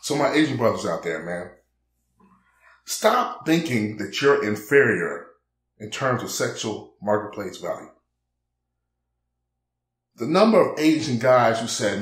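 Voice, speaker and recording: A young man delivering a blunt, preachy monologue, mid-pitched and conversational. He keeps throwing in "man" and slips into quoted back-and-forth dialogue. The sound bounces around an echoey room. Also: very animated, unhurried, pauses often. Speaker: vlogger. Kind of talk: casual monologue to camera.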